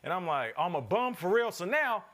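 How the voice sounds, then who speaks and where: A man in his thirties, a former pro football player co-hosting a sports show, telling a story in a lively way and acting out other people's lines. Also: normal speed. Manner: lively storyteller, acts out quotes in a higher heckler voice. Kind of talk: animated storytelling chat.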